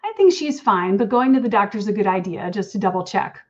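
A woman voicing a calm, wry husband who gently teases his worried wife. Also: mid-range voice, fairly quick, highs cut off, natural voice. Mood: teasing. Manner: soothing, wry and gently teasing. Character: calm, teasing adult husband.

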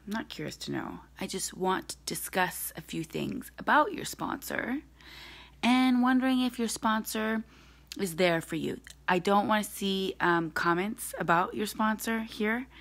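A young woman speaks to her team live over a phone or webcam from home. She is blunt and direct, and she pushes her listeners to stop making excuses. Her voice sits at an ordinary middle pitch. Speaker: direct sales team leader.

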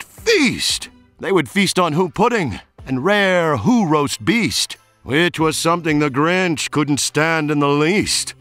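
A man reading a rhyming children's book aloud, animated and expressive, stretching out repeated words. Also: fairly high pitch. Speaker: storybook reader.

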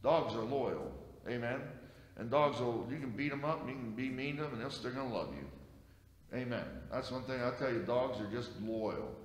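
A man's voice: medium pitch, expressive, moderate pace, slight background noise. A male pastor preaching a sermon in a folksy, conversational way, dropping in frequent amens. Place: church sanctuary. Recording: echoey church hall.

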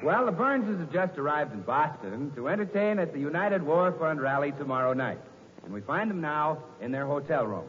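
Hearty booming 1940s radio announcer. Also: male voice, animated, normal speed. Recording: dull lo-fi 1940s radio recording in a hall.

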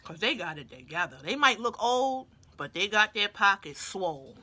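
A woman's voice: mid-range voice, animated, moderate pace, bright, forceful tone. A woman vlogger chatting playfully to her viewers while she eats, talking between bites. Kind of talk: casual chat to viewers while eating.

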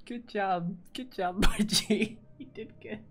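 A woman streaming a game, reacting in an excitable, profane way. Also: mid-range voice, takes it slowly, slightly rough.

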